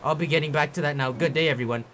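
A man's voice: a little high, very fast, fairly bright tone, voice pushed down, lightly acted. Tom Nook, read by a man as a chipper raccoon. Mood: announcing. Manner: reading announcement text aloud. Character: male raccoon shopkeeper making announcements.

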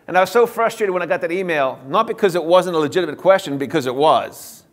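A man's voice: high-pitched, fast. Earnest middle-aged pastor telling his story. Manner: earnest storytelling, swings from animated to hushed. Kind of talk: personal testimony to a church.

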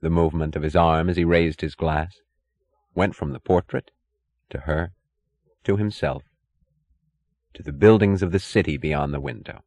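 A man reads a novel aloud in a measured, even audiobook narration. His voice is very low and deep.

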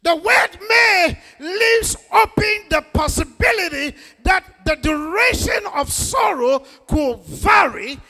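A male pastor delivers an emphatic sermon, often rising to a shout and drawing replies from the congregation. His voice sits very high and swings widely in pitch. The tone is bright and edged with gravel. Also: animated, slow pace, few pauses, soft background music. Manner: emphatic preaching with call-and-response.

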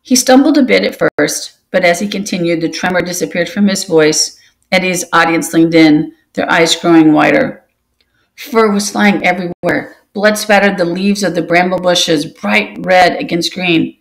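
A woman reading a children's novel aloud to her students, slow and careful, with small restarts. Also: on the low side, vocal fry. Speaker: teacher reading to a book club.

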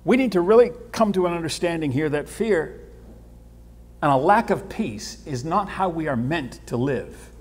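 A man preaching a sermon as pastor, animated, repeating words and swinging between hushed and loud. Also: on the high side, moderate pace, breathy edge. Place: church sanctuary. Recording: church hall with long reverb.

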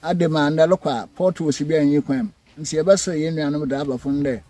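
A man from Ghana with a Fante accent, speaking to a local news camera as a community member, halting and full of fillers. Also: a little high, mellow, no echo, poor audio. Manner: halting, with many fillers and restarts.

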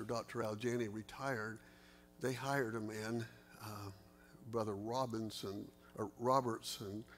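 A man's voice: mid-range voice, slight background noise. A man, a pastor teaching a Bible study in an earnest, conversational way, his voice leaping up for emphasis. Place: church.

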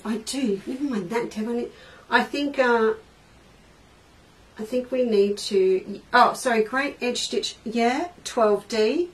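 A woman with a slightly high voice talks slowly as she hosts a live crafting demonstration for a quilting shop, reading viewers' comments aloud and chatting while she works. The recording comes from a distant mic in an indoor craft studio, with faint noise.

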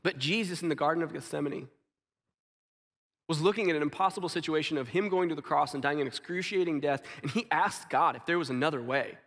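A man preaching a sermon in a church, earnest, acting out quotes and dropping softly into stories. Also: a little high, quick pace, in a large hall. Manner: earnest, acts out quotes, drops to soft tones for stories. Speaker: pastor. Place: church sanctuary.

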